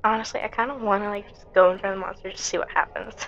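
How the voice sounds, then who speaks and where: A woman's voice: medium pitch, steady tone, rapid-fire, a bit bright, muffled recording. A woman giving nervous, jumpy commentary on a horror game, often dropping to a whisper. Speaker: gaming commentator.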